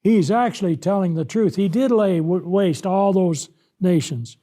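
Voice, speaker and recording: A man with a high, mellow voice preaching slowly and emphatically through a Bible lesson. He leans hard on key words and swells louder when giving voice to the scripture. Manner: slow, emphatic, rises loud when voicing God.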